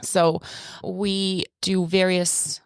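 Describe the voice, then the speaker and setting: A woman's voice: fairly low pitch, level tone, extremely slow, clean tone, no room sound, studio quality. A woman in her forties from Russia with a Russian accent, chatting as a podcast guest, laughing often as she explains things. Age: 40s. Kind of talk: casual chat.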